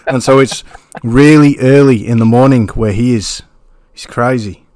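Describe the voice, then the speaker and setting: A man's voice: mid-range voice, measured pace, darkish tone, no room sound, clean studio sound. A man hosting a gaming podcast, playful and hyping his guests, eating while talking. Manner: playful, hypes guests up, says "bro" a lot. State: eating during the show. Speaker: podcast host. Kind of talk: casual chat.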